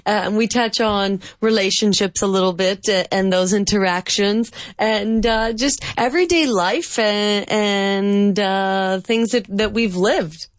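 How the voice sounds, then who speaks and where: A woman's voice: mid-range voice, a little slow, hardly any pauses, no echo, studio quality. A woman comedian from Canada, chatting easily as a guest on a radio show. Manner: chatty, easygoing, fillers. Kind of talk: casual radio interview.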